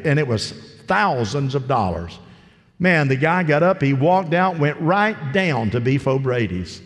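Male pastor, somewhat higher voice, folksy preaching, lingering hall reverb. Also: big pitch swings, measured pace. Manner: conversational preaching, acts out parable voices. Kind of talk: sermon. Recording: long reverb of a large hall.

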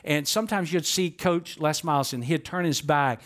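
A man's voice: on the high side, normal speed, fairly bright tone. A man preaching a sermon, telling stories with acted-out quotes and light humor. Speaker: pastor.

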